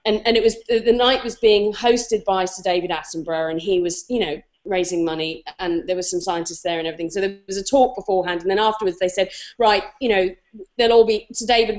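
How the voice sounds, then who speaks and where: A woman's voice: mid-range voice, steady tone, fast talker, darkish tone. A woman in her forties, a talk show guest, telling a self-deprecating story with many restarts and fillers. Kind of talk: animated anecdote on a talk show.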